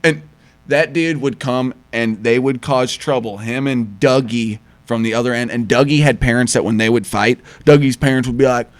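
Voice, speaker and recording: A man spins a crude, animated story as podcast co-host. He swears freely and acts out other people's lines in shifting voices. The sound is close and dry, with no room on it. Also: mid-range voice, normal speed, no echo. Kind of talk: casual storytelling chat.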